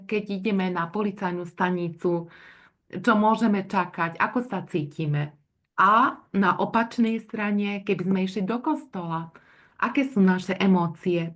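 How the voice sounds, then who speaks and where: A woman with a mid-range voice interprets slowly and carefully. She pauses often and hums while searching for the right words, restarting her phrases. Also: mid-range voice. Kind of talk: consecutive interpreting.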